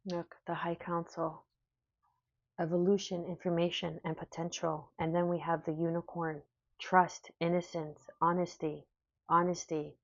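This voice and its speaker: Soft-spoken low gravelly woman. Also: flat delivery. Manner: soft, slow, emotional and affirming. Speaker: tarot reader. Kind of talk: spiritual tarot reading. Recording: dull, lo-fi sound.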